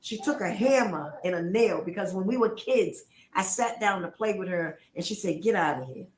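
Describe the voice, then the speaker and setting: A woman's voice: medium pitch, moderate pace, a crowd in the background. A middle-aged woman on a livestream, emotional and accusatory, repeating her points as she rants. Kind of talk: heated livestream rant. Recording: roomy echo.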